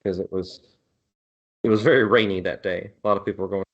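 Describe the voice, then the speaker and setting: A man's voice: fairly even intonation, brisk. A man co-hosting a live show, chatting casually and hesitantly with lots of fillers. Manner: hesitant, filler-heavy, trailing off. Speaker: podcast co-host. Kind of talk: casual live-stream chat. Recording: muffled low-fidelity stream audio.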